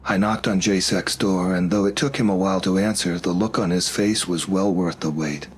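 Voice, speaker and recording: A man narrating a first-person horror story in a steady, measured way. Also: low voice. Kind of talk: scripted narration.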